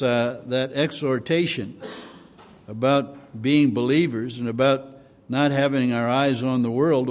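Casting: down-to-earth male preacher telling anecdotes from the pulpit, mid-pitched, big echoing room. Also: darkish tone. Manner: folksy, homespun storytelling with restarts. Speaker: pastor. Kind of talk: sermon. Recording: long hall reverb.

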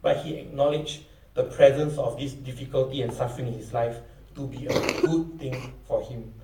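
A man's voice: mid-range voice, steady tone, normal speed, very noisy. A middle-aged man preaching a sermon, reading scripture aloud and acting out the voices of questioners. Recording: echoey room from far off.

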